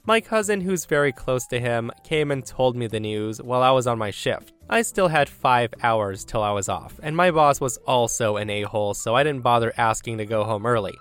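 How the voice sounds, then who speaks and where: Lively man reading Reddit stories. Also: medium pitch, normal speed, hardly any pauses, smooth. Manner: animated, excitable storyteller. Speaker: host. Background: faint background music.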